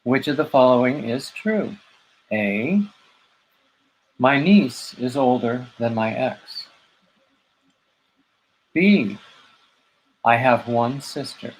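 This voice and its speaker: A man's voice: medium pitch, animated, slow pace, pauses often, low-quality recording. A man appearing as a guest on a live stream, chatting casually in a dry, understated way.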